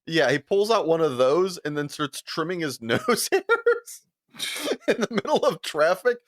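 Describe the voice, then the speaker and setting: Animated laughing male podcast host. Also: measured pace, dry recording, clean studio sound. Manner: animated, laughs often, acts out quotes in higher voice. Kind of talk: casual storytelling chat.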